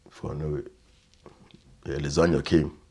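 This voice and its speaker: Interview guest: man, thirties, very low bass voice, halting, hushed delivery with repeated words. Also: flat delivery, vocal fry, breathy edge. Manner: halting, repeats words, often quiet and subdued. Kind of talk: emotional personal storytelling.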